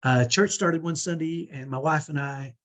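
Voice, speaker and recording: A middle-aged man giving a conversational teaching talk to parents, often checking in with a quick "right?" as he makes his points. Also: a little high, a bit bright. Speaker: parent coach.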